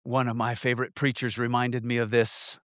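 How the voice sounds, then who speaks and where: A man preaching a sermon with emphatic repetition, swinging between loud stresses and hushed lines. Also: mid-range voice, completely flat delivery, normal speed, no room sound, studio quality.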